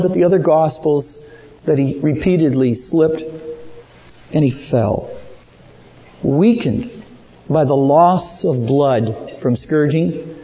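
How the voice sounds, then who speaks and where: Preacher guy, slow and dramatic, mellow dark voice, long echo in a big hall, kinda muffled. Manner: slow, dramatic preaching with rising emphatic peaks and low trailing ends. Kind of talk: sermon. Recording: dull lo-fi sound with long hall reverb.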